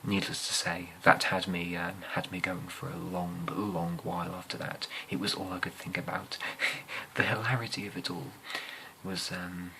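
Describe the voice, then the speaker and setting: Deep, bright-toned young Englishman telling ASMR stories. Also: level tone, moderate pace, slight background noise, low-quality recording. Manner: rambling, hesitant, amused. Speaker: ASMR storyteller. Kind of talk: soft-spoken ASMR storytelling.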